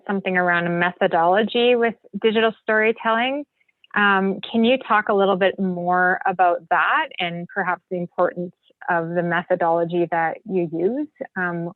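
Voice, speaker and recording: A woman's voice: mid-range voice, no room sound. Woman interviewer on a tinny phone line. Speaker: podcast co-host, interviewer. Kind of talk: interview question.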